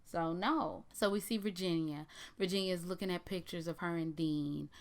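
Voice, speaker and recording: A woman talks through a TV episode in a casual recap. Her voice sits a little low and comes across smooth and clean. She keeps up a blunt, sarcastic commentary. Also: normal speed. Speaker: TV recap vlogger.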